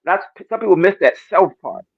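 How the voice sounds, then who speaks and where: Man, fairly high gravelly voice, tearful church testimony, repeats himself, dull muffled stream audio. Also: big pitch swings, a little fast, dry recording. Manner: repetitive, stammering, keeps asking "you know what I'm saying". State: near tears. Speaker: speaker in a church discussion. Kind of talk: emotional testimony.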